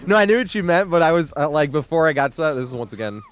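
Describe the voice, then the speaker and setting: A man casually chatting on his live gaming stream, rambling and laughing a lot, relaxed and stoned, with frequent casual swearing. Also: fairly high pitch, rapid-fire, smooth.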